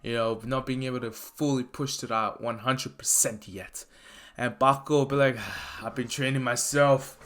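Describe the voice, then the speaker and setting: A man casually retelling a fan story, rambling excitedly and tripping over names. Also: medium pitch, normal speed.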